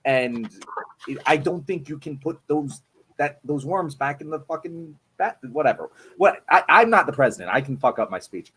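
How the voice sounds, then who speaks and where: A man's voice: fairly high pitch, lively intonation, moderate pace, fairly bright tone. A man co-hosting a livestream, talking politics bluntly and casually, with some swearing. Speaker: livestream co-host. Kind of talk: casual political debate chat.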